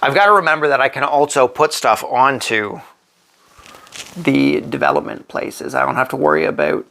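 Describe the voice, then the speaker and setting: A man's voice: medium pitch, expressive, gravelly, pushed and bright, a little hiss or hum. A man hosting a board game channel, talking himself through a solo playthrough as he places pieces. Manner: slow, thinking aloud while placing pieces.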